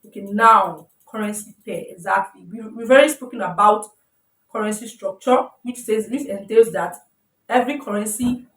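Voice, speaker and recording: A woman's voice: mid-range voice, normal speed, far from the mic. A woman teaching a casual tutorial. She often corrects herself mid-sentence and keeps checking in with "you understand?". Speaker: forex trading teacher. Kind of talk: informal tutorial explaining slides. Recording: roomy sound, voice away from the mic.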